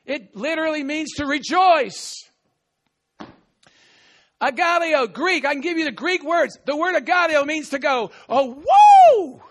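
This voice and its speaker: Very high-pitched man delivering a lively, playful sermon with shouted acted-out lines. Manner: playful, acts out scripture quotes with shouts and laughs. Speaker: preacher. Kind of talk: animated sermon.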